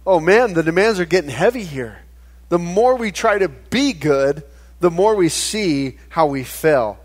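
Male pastor, 30s, lightly high voice, animated conversational sermon. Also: unhurried. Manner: conversational, animated preaching with stammered restarts.

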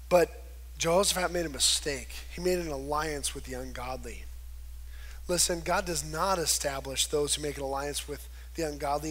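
A man's voice: a little high, a bit bright. A man preaching a conversational sermon, retelling scripture and acting out the quoted voices. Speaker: pastor.

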